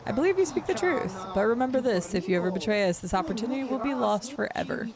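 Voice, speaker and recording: A woman reading out the lines of a secretive male bounty hunter recruiter in a video game, measured and solemn. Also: on the high side, expressive, crowd noise, voice pushed up.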